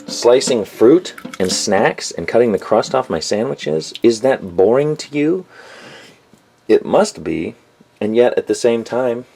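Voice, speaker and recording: Deep-voiced man rambling profanely. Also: dark tone. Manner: rambling, profane, self-mocking. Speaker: knife reviewer. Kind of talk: casual rambling rant to camera. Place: home kitchen.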